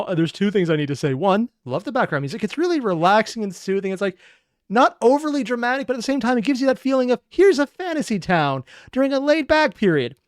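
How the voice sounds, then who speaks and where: A reaction host talks in a casual, rambling, amused way, the pitch jumping animatedly. The voice sounds close and dry, with no room around it. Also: no echo.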